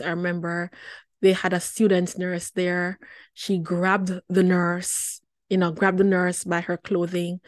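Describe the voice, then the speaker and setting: A woman's voice: mid-range voice, no room sound, studio quality. Chatty woman telling stories. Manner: lively, chatty, laughs often, repeats words for emphasis. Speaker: wellness show host. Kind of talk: personal storytelling.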